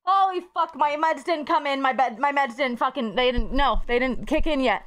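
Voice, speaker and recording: A woman's voice: sits high, normal speed, hardly any pauses, a bit bright. A woman streamer chatting casually with her viewers, playful and teasing, swearing freely and cooing to them in baby talk. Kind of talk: casual live-stream chat.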